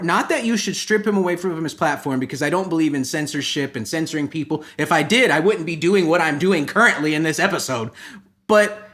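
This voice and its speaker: A man hosting a comedy podcast, ranting satirically in a rambling, profane way that keeps jumping into loud mock outrage. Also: on the high side, a little fast. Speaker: podcast host.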